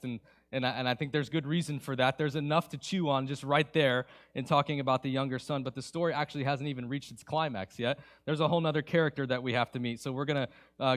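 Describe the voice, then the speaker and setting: A man preaching a sermon as pastor in a church, conversational and animated, swinging between hushed passages and emphatic ones. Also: medium pitch.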